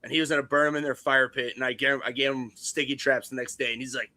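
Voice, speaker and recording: Brief: man co-hosting a live chat show, bright, dry sound, laughs a lot. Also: medium pitch, fairly even intonation, fast, no room sound. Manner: laughs often, swears casually. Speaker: co-host.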